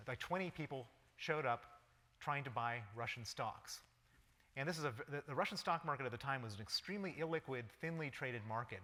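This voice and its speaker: A man's bright, forceful, medium-pitched voice fills a lecture hall with long reverb. As a guest lecturer, he recounts a personal story vividly in the present tense.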